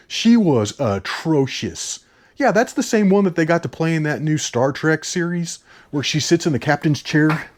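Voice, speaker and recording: Blunt, lively-voiced man reviewing movies. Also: on the high side, moderate pace. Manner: blunt, opinionated, rambling.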